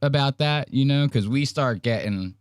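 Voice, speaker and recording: A man hosting a casual commentary podcast, ranting loudly and mocking with a lot of profanity. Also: mid-range voice, normal speed, dry recording, studio quality. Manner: loud, profane, mocking rants. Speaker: podcast host.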